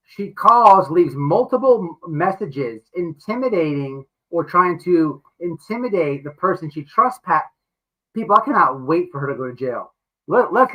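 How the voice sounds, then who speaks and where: A man hosting a show, reacting to clips with excitable, profane commentary. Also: on the high side, poor audio. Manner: excitable, crude, exclaiming.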